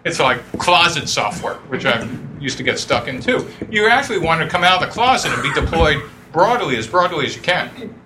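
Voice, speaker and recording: A middle-aged man telling lively stories to an audience, acting out the voices he quotes and laughing often. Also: on the high side, brisk, noisy background. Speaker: speaker telling startup stories. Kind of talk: lively storytelling talk.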